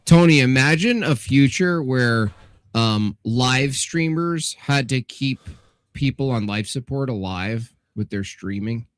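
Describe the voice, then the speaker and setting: A man co-hosting a livestream, telling stories in animated, giggly casual chat. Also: mid-range voice, takes it slowly, no echo.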